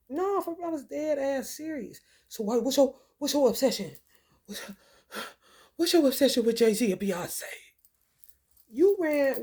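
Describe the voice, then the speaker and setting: A woman's voice: high-pitched, animated, normal speed, mellow. A woman venting in a casual monologue, telling a story bluntly and profanely with lots of rhetorical questions. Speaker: vlogger.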